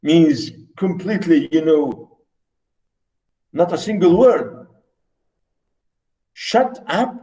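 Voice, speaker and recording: A man's voice: a little high, slow pace, pauses often, mellow, poor audio. A man lecturing a class, reading a story aloud and asking students rhetorical questions. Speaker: literature lecturer.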